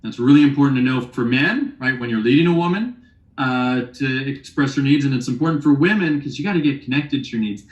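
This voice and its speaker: A man teaches a relationship workshop in a casual, conversational way, often teasing his listeners with rhetorical questions. His voice sits at a medium pitch. The room around him is noticeably echoey. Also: lively intonation, brisk, lo-fi sound.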